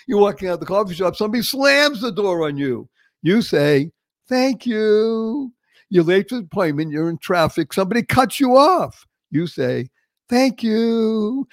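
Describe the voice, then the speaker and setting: Boston-accented male host, theatrical and emphatic, fairly high-pitched, dry booth. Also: dry recording. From Boston, Massachusetts. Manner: emphatic, theatrical, acts out little scenes. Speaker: podcast host. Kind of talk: enthusiastic interview introduction.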